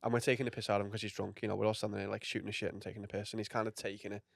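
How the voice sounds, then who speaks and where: A man's voice: on the low side, level tone, rapid-fire, creaky, no echo, clean studio sound. A man guesting on a comedy podcast, telling a story in a laid-back way with casual swearing.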